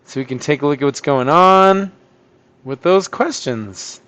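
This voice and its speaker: A man with a slightly high voice, talking through a math lesson for his online class. He thinks out loud in a chatty way and breaks into sudden surprised outbursts as he works the problems. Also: measured pace, smooth. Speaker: math teacher.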